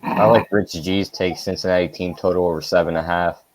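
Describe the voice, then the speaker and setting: A man drops short, matter-of-fact comments into a casual betting chat. His voice sits low and plain. He speaks only in brief bursts. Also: flat delivery, brisk, over a noisy crowd.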